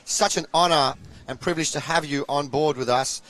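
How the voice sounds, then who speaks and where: Eager pool commentator. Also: male voice, on the high side, a little fast, a bit bright. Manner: eager, promoting the stream, long explanations. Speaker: pool commentator and stream host. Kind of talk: live sports commentary.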